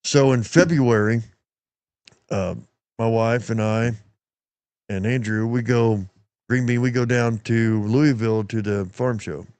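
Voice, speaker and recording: A man's voice: mid-range voice, steady tone, measured pace, pauses often, a little mellow, clean tone, no echo. A middle-aged man hosting a podcast, telling stories in a folksy, plain-spoken way and acting out what people said. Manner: folksy, plain-spoken, acts out quoted voices. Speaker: podcast host. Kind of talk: casual storytelling chat.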